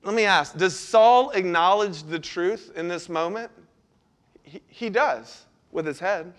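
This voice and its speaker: A man's voice: sits high, unhurried, a bit bright. A man preaching a sermon as pastor, earnest and conversational, asking his listeners questions.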